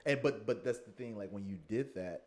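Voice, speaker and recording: A man's voice: lowish voice, a little fast. A man hosting a podcast, recounting a shared memory with energy and acting out how a crowd reacted. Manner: excitable storyteller, acts out crowd reactions. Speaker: podcast host. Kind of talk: casual podcast interview.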